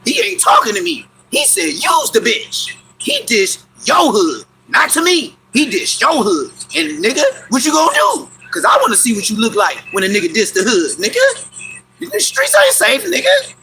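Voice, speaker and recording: A man with Los rants on a livestream, his voice high and very bright. He talks in loud, repetitive bursts and breaks into sudden yelps. A faint noise hangs behind him. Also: huge pitch swings, normal speed, vocal fry, rough recording. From Inglewood, California. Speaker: livestream host. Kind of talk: animated livestream rant.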